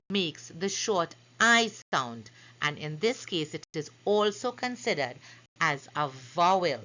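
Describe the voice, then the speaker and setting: A woman teaches phonics at an unhurried pace and carefully sounds out each example word. Her voice is bright and sits a little low. The recording is somewhat dull and lo-fi. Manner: slow, careful, stretches out example words. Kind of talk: phonics lesson narration over slides.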